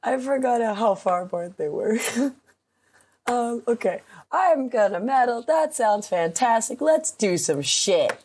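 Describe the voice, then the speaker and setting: A woman's voice: a little high, expressive, measured pace, a little mellow, slightly rough. A woman playing a tabletop game, playful and joking. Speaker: player.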